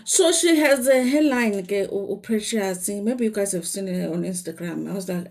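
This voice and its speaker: A woman's voice: mid-range voice, normal speed, few pauses, darkish tone. A South African woman with a Zulu accent, chatting casually to viewers in a gossipy recap, with many fillers and some Zulu mixed in. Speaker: reality TV commentator.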